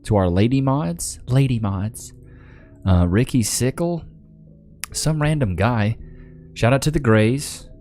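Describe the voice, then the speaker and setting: Speaking into a desk mic, a live stream host reads out names from chat and talks casually in slang. His mid-range voice is expressive and darkish, delivered at a measured pace, with soft music behind him.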